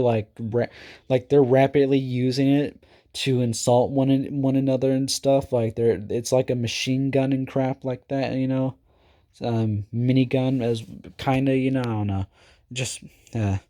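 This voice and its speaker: A man's voice: medium pitch, dark tone. A man ranting casually in a rambling, profane way, with many fillers and restarts. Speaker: video creator. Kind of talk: casual rant.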